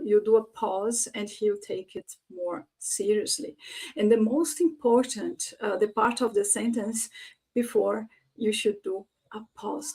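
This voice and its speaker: Woman speaker, slightly high voice, virtual conference talk, lots of "uh" fillers. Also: creaky, dark tone, slightly rough. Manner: frequent fillers, demonstrates phrases in varied tones. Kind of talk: online presentation on voice and leadership.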